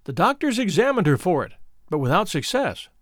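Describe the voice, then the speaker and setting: A man reading the part of a frightened young woman who recounts her twin sister's death, in an earnest, measured storybook telling. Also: sits high, very animated, no echo, studio quality. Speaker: audiobook reader.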